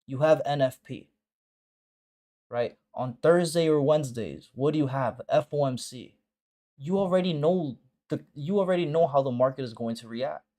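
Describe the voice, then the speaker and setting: A man's voice: medium pitch, warm tone. Blunt, profane male trading streamer. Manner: blunt and profane, talks straight to viewers with slang; repeats short phrases for emphasis. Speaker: forex trading mentor and stream host. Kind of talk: casual live-stream commentary.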